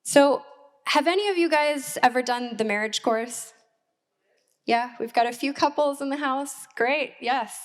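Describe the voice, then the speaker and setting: A woman assistant pastor preaches in a church hall, speaking slowly. Her voice sits fairly high, and she talks in a candid, personal way with reflective pauses. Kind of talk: sermon.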